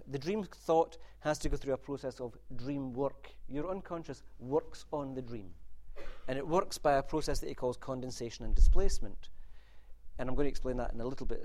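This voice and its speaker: A man's voice: mid-range voice, a little mellow. Discursive male lecturer with lilt. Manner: wry, discursive, restarts and asides. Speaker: literature lecturer. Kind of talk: university lecture. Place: lecture room.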